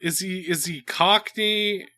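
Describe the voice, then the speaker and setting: A man co-hosting a comedy podcast, bantering with deadpan, playfully crude improv. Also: high voice, slow. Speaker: podcast co-host.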